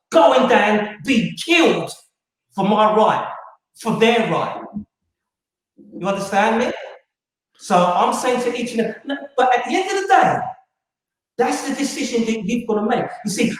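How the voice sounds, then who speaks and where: A man, a guest making an emphatic, preachy political speech. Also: high-pitched. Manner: preachy, emphatic, repeats "all right?". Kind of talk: impassioned political talk. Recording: distant, very echoey room.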